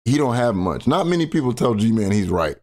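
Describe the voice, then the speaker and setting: Man with a lively, swooping voice. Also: medium pitch, fairly quick. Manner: profane, rambling, frequent laughter. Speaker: commentary streamer reacting to clips. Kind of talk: casual live-stream commentary.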